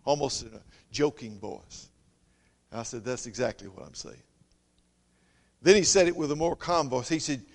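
A man preaching a sermon, reading scripture loudly and dropping to a soft, intimate voice for a story. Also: mid-range voice, expressive, normal speed, long pauses.

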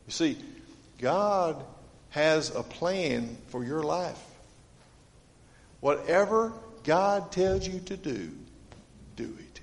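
A man preaching a sermon to his congregation, earnest and dynamic, swinging from loud appeals to hushed, quiet lines. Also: on the high side. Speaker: pastor. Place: church. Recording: long reverb of a church sanctuary.

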